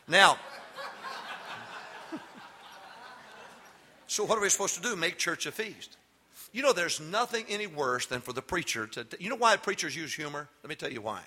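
A high-pitched man preaching in a church, his tone bright and cutting. He trades jokes and stories with the congregation, then swings into hollered calls for amens. He is a middle-aged pastor holding the room. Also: lively intonation, normal speed, pauses often. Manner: jokey storytelling that builds into shouted exhortation. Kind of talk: humorous sermon. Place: church before a live congregation.

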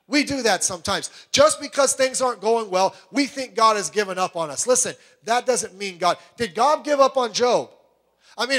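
A man's voice: high-pitched, fairly bright tone. A man preaching a sermon as a pastor, emphatic and full of rhetorical questions put straight to the listeners.

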